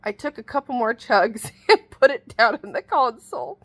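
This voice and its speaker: A woman's voice: fairly high pitch, animated, moderate pace, few pauses. A middle-aged woman telling a rambling story in a casual, folksy vlog, exasperated and chatty. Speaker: vlogger.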